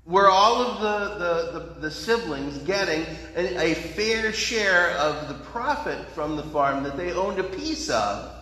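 A man's voice: sits high, lively intonation, a little slow, few pauses, sharp tone. A man preaching a sermon as a pastor, telling a story in a folksy, conversational way with asides. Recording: echoey hall reverb.

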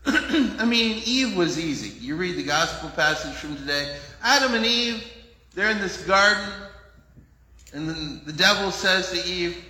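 A man's voice: sits high, lively intonation, moderate pace, bright, forceful tone, roomy sound, long reverb tail, low-quality recording. A man pastor giving a conversational, humorous sermon in a church, acting out the voices in his stories. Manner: conversational, humorous storytelling, acts out quotes.

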